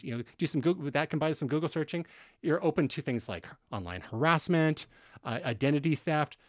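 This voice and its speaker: A man's voice: mid-range voice, no room sound, clean studio sound. A man from Canada co-hosting a tech podcast, explaining news in a casual, conversational way with fillers and restarts. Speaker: podcast co-host.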